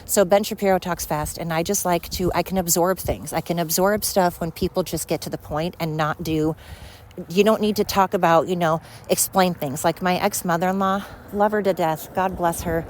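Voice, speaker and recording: A woman's voice: on the low side, steady tone, moderate pace, a little hiss or hum. Winded woman rambling on a walk. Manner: scattered, chatty, self-deprecating. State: out of breath from walking uphill. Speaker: podcast host. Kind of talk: rambling solo podcast. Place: outdoors on a night walk by a road.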